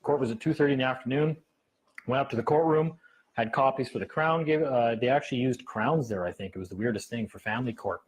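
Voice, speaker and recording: Man, husky voice, fast and animated, casual storytelling, acts out quotes. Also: medium pitch, poor audio. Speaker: speaker at a meeting.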